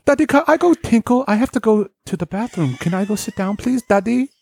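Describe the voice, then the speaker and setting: A man voicing a timid little boy pleading with his daddy in high baby talk. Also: animated, a little fast, vocal fry, darkish tone, slightly rough, no echo, exaggerated voice. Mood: whiny pleading.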